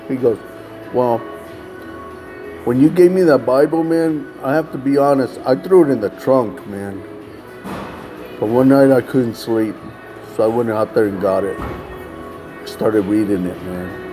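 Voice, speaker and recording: A man's voice: mid-range voice, a little slow, pauses often, dark tone, soft background music, low-quality recording. A man telling a personal story in casual testimony style, acting out the dialogue of others and saying "man" often. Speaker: storyteller recounting street ministry.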